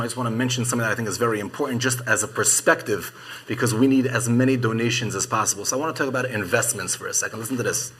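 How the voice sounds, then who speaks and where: Fast, bright-voiced male host. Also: mid-range voice, husky. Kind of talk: fundraising broadcast hosting.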